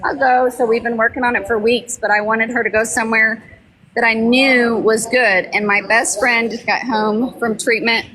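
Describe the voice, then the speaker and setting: A woman's voice: fairly high pitch, steady tone, moderate pace, pushed and bright, poor audio. A woman telling a rambling story in a casual livestream chat, with apologetic asides.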